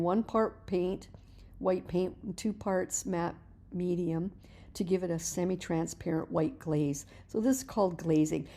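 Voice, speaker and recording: A middle-aged woman teaching mixed-media painting in a relaxed, chatty voice-over, explaining each step as she works and often restarting her words. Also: lowish voice. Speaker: art teacher.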